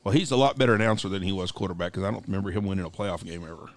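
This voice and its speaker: A man with a lowish voice rattles off quick, casual talk as a host watching a game with friends. He jokes in a teasing way and states made-up facts with a straight face. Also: a little hiss or hum. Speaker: podcast host.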